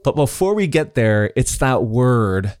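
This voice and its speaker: Upbeat Canadian man, smooth voice. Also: medium pitch, a little slow, dry recording. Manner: laughing, upbeat, animated. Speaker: podcast host. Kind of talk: casual chat.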